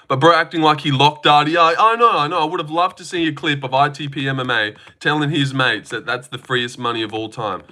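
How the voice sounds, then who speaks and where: A man hosting a casual livestream, chatting with viewers and reacting in an animated, sweary, teasing way. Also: on the high side, brisk, hardly any pauses. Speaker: livestream host.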